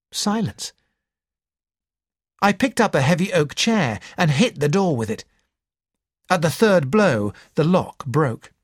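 A man reading a mystery novel aloud in the first person as an audiobook narrator, in a measured, expressive way. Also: on the high side, no room sound, studio quality.

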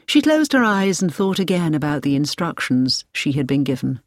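A woman reading a story aloud as a narrator, clear and measured. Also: low voice, very animated, no room sound, clean studio sound. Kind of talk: scripted audiobook narration.

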